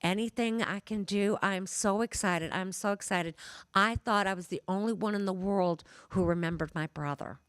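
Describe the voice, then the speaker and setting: A woman's voice: mid-range voice, moderate pace, smooth, no echo, close to an everyday voice. Eager, sweet old woman in her nineties, earnest, quoted by a woman speaker. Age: 90s.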